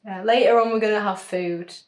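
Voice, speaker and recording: A woman's voice: medium pitch, steady tone, a little fast, darkish tone, echoey room. A young woman, co-hosting a podcast in casual, giggly, rambling chat. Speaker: podcast co-host.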